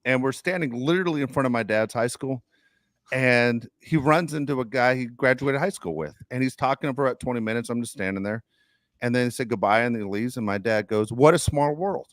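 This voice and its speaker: A man's voice: medium pitch, fairly quick, a bit bright, dry recording. A man co-hosting a podcast in casual chat, ranting and swearing often. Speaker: podcast co-host.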